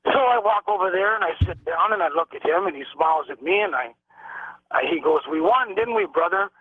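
A middle-aged man calling in to a radio show, telling a story in an animated way and acting out the lines people said. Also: high voice, a little fast, slightly rough. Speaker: caller. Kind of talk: phone-in storytelling. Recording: tinny phone line, dry.

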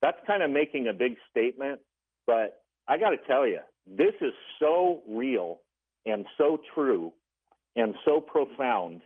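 A man phones in to a radio talk show and earnestly recounts a story, voicing the lines of each person as he goes. His voice is mid-pitched. It comes through a narrow, tinny telephone line. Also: big pitch swings, a little slow, breathy edge. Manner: earnest, retelling dialogue in quotes. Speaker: caller.

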